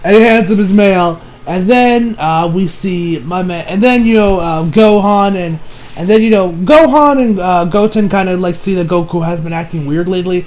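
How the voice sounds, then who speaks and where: A man's voice: high voice, normal speed, darkish tone. A man giving a casual anime episode review in a rambling, slangy way, full of fillers and loose asides.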